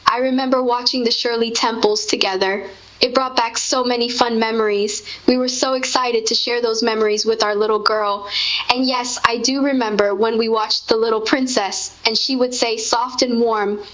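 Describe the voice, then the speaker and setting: Woman co-host, sentimental and gushing, casual reminiscing, a bit high, dull lo-fi audio. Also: steady tone, moderate pace, a bit bright. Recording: dull lo-fi sound.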